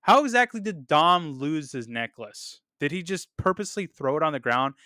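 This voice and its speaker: A man hosting a casual solo podcast, full of enthusiasm, with lots of fillers and repeated words, often trailing off quietly at the end of sentences. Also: on the high side, expressive, moderate pace, dry recording, studio quality. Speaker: podcast host reviewing films.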